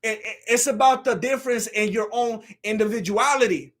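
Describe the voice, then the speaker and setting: High, bright-voiced man ranting animatedly. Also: brisk. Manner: animated, swings between loud outbursts and low mutters; stammers and restarts. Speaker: host. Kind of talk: comedic commentary with a sponsor read.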